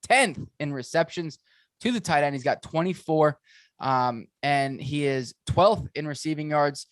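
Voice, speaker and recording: A man co-hosting a fantasy football show, talking excitably in a rambling way, with lots of restarts and fillers. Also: on the high side, a little slow, dry recording, clean studio sound. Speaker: fantasy football podcast co-host. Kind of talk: casual sports analysis chat.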